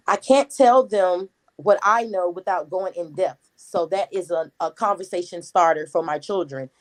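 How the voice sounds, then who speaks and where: A woman in her thirties with a Gullah Geechee accent, a talkative community activist answering interview questions in a steady flow. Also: mid-range voice, poor audio. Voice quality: talkative, words flow quickly.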